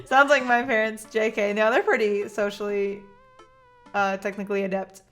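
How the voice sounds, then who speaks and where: A woman's voice: medium pitch, level tone, moderate pace, a bit bright, natural voice. A woman reading a dating-game script aloud as an offhand, sarcastic teenage daughter. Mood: teasing. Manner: offhand, teasing. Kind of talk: reading a visual novel aloud.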